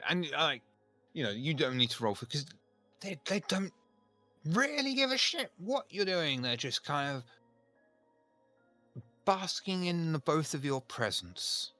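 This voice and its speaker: Animated, joking game master. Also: medium pitch, a little slow, pauses often, dry recording, faint music behind. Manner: casual, joking. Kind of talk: narrating a tabletop game.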